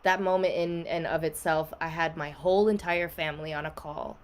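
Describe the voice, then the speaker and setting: A woman's voice: low-pitched, fairly even intonation, fairly quick. A young woman guest on a podcast, candidly telling an emotional personal story in a casual way, with many "like" fillers.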